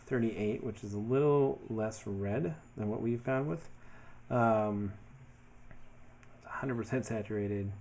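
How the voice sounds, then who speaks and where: Low gravelly man thinking aloud. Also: a little slow, long pauses, a little hiss or hum. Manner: thinking aloud, relaxed, many fillers. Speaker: web developer building his portfolio. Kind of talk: casual screen-share commentary.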